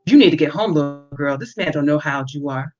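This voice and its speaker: A woman voicing a jealous young woman who scolds and demands in a high, shrill voice, heard through dull lo-fi audio. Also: fast talker, darkish tone, soft background music, natural voice. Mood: furious.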